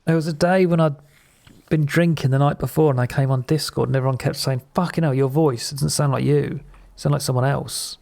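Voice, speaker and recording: A man's voice: medium pitch, fairly even intonation, a little fast, gravelly, a little mellow. A man streaming a game, chatting with viewers in a rambling, sweary, jokey way. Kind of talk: casual live-stream chat while gaming.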